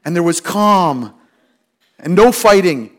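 Middle-aged male pastor, high-pitched, storytelling sermon delivery. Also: lively intonation, takes it slowly. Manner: storytelling, acts out quoted voices with rising pitch.

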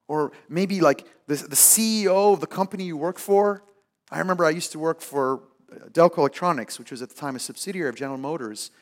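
A man preaching a sermon and telling a personal story, moving from loud emphasis to hushed asides and acting out the people in it. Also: on the high side, fast talker. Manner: acts out the people in his stories. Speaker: pastor.

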